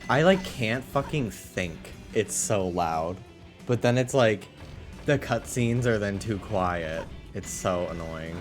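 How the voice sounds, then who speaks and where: A male game streamer talking casually from his desk at home, swinging widely up and down in pitch as he rambles and swears. He takes his time, speaking slowly and loosely, with frequent loud laughs. Faint game music plays behind him. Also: expressive. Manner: profane, laughs loudly, rambling asides. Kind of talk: casual gaming stream chat.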